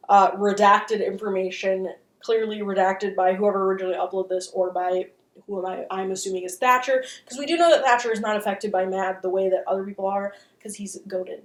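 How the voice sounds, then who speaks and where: A woman's voice: medium pitch, reverberant. A woman giving a casual, joking commentary recap as a channel host, swearing freely and full of fillers.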